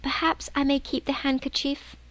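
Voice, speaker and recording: A woman voicing a gentle, anxious male faun who is kind and remorseful, speaking softly and urgently in an audiobook reading. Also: high voice, flat delivery, moderate pace, no echo, pitched above the performer's own voice. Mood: tender.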